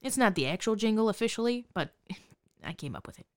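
Woman as crude sarcastic saleswoman, swooping lively pitch, dry close sound, improv comedy. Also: brisk, dry recording, close to an everyday voice. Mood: snarky. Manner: sarcastic, profane, dismissive. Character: brash foul-mouthed woman hawking hair baskets.

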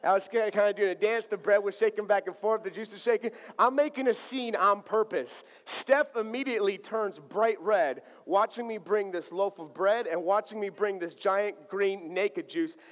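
A male pastor preaching a sermon, telling a personal story in a lively, playful way and acting out the dialogue. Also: sits high, normal speed, hardly any pauses. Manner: animated, acts out dialogue playfully. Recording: long hall reverb.

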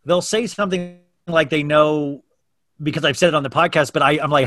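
A man's voice: a little high, steady tone, brisk, fairly bright tone, no echo. A man hosting a daily podcast, talking openly in a casual, rambling way with many restarts. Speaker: podcast host. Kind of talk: casual chat.

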